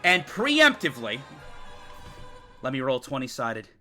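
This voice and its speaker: A man running a tabletop game, narrating scenes vividly in a loose, casual way with plenty of swearing. His voice is very bright and slightly high. Faint music plays behind him. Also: sing-song, moderate pace. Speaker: game master.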